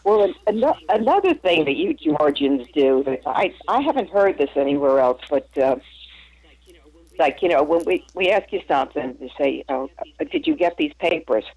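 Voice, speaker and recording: A man tells stories in a relaxed chat, quoting people in an animated way. His voice is gravelly and husky, and his pitch swings widely. He is heard on dull, dry, lo-fi radio audio. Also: moderate pace, no echo. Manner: animated, laughing, acts out quotes. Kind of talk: casual storytelling chat.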